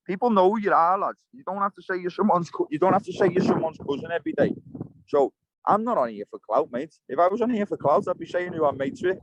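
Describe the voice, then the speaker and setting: Against a noisy background, a young man with a high-pitched, animated voice speaks fast. He's being interviewed while fishing outdoors by the water, ranting heatedly, bluntly and with plenty of swearing.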